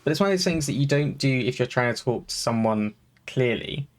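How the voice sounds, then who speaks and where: A man's voice: medium pitch, expressive, fairly quick. Rambling podcast co-host man. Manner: rambling, many fillers and restarts. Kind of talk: casual chat.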